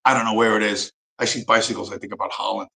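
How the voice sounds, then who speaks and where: A man's voice: fairly low pitch, flat delivery, quick pace, vocal fry, bright, forceful tone, reverberant, rough recording. A man hosting a livestream, ranting casually in a profane, rambling, sarcastic way. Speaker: livestream host.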